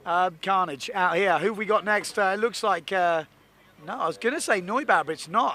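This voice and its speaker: A man giving jokey, excitable live commentary from a boat on a lake. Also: high voice, normal speed. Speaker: sports commentator.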